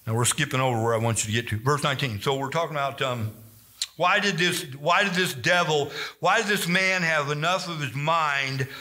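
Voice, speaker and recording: A man teaching a Bible study, telling stories and acting out scripture in a rambling, animated way. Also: on the high side, fairly quick, roomy sound.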